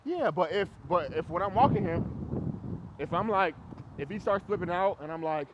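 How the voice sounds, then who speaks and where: A man's voice: high-pitched, lively intonation, normal speed. A man, a dog trainer, coaching a client on a walk in a blunt, casual way with frequent laughs. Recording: dull audio with clear street noise.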